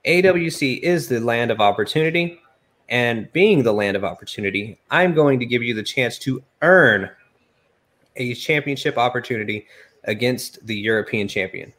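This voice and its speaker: A bossy male wrestling executive in a wrestling game blusters and lays down the rules, played by a man. He has a medium-pitched male voice. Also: lively intonation, normal speed, fairly bright tone, close to an everyday voice. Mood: blustering. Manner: blustering, authoritative.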